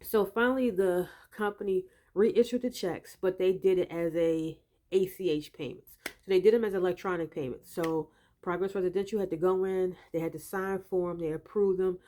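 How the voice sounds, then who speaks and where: Fed-up woman venting about her landlord, lowish voice, lots of ums. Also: steady tone, normal speed, dark tone. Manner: emphatic and exasperated, with frequent fillers. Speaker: tenant telling of a dispute with a landlord. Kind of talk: casual spoken testimony.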